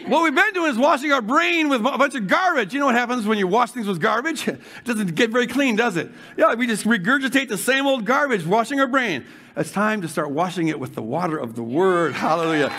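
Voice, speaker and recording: High-voiced older male preacher. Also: lively intonation, brisk, some chatter behind, a little hiss or hum. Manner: fervent preaching, rising to shouts; hushed guided imagination. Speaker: pastor. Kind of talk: sermon.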